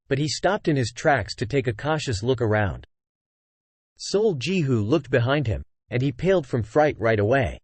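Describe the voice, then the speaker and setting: A man reads a fantasy novel aloud in steady storytelling. His pitch moves up and down a lot. The sound is dry and close, with no room echo. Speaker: audiobook narrator. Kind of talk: scripted novel narration.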